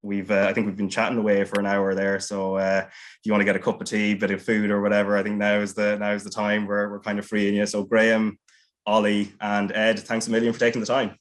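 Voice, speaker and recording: Low, flat-voiced Irish podcast host. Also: male voice, fast. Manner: easygoing, reads out fixtures. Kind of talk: hosting a sports podcast.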